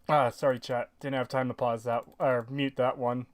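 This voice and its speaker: A man hosting a livestreamed podcast and thanking donors in an easygoing manner. He speaks slowly, with a lively, swinging pitch. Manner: slow, easygoing, reads donations. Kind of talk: casual chat.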